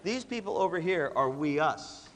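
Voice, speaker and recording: A man giving an animated motivational leadership talk to music students, emphatic and punchy, with a cough that breaks in now and then. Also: on the high side, moderate pace, a little hiss or hum. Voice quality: lively, emphatic delivery with repeated punchy phrases. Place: large hall with an audience. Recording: long reverb of a large hall.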